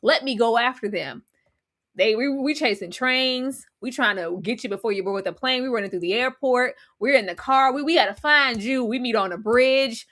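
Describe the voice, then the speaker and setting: A woman's voice: moderate pace, few pauses. A woman co-hosting a casual movie review chat, acting out characters' lines as she talks. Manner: animated, acts out characters' lines with big pitch jumps. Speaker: podcast co-host.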